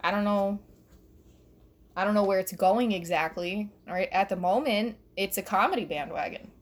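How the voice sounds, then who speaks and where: Alone in her bedroom, a young woman records a profane, rambling stand-up style rant on her phone and laughs at her own jokes. Her voice is medium in pitch and her speed normal.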